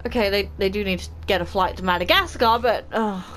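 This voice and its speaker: A woman, chatty and excitable, giving let's play commentary as a gaming channel host. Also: medium pitch, fairly quick, slight background noise.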